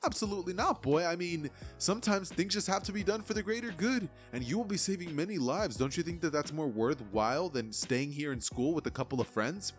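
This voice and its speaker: A man's voice: on the high side, brisk, hardly any pauses, faint music behind, voice pushed up, natural voice. A man voicing a polite, formal school principal who speaks in a courteous, slightly grand way.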